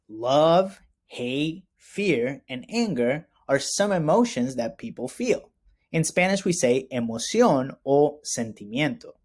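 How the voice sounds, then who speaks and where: Slow, animated male teacher, slightly husky. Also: fairly high pitch. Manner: slow, clear, encouraging teacher talk with repeat-after-me prompts. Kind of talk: classroom lesson for young students.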